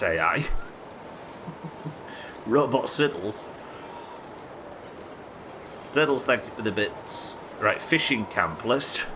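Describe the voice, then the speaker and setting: A man's voice: deep voice, noisy background. A man chatting casually and swearing while he talks through a game on a live stream. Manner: chatty, swearing, thinking aloud. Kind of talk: casual gameplay commentary.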